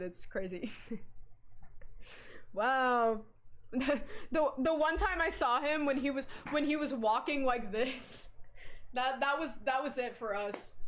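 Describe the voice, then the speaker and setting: A young woman livestreaming from home, chatting casually in an excitable, rambling way, giggling and swearing as she goes. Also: sits high. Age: young adult. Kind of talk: casual live-stream chat.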